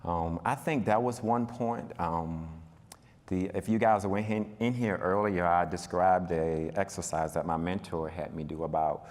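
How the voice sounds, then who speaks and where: A man on a panel telling a personal story, talking in a relaxed, conversational way with a lot of fillers. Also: deep voice, a little slow. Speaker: panel speaker. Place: event hall. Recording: reverberant hall.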